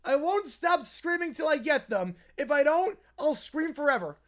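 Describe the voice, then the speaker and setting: A man voicing a whiny, bratty little boy who screams his demands over and over in a shrill whine. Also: sing-song, normal speed. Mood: whining. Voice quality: shrill whining.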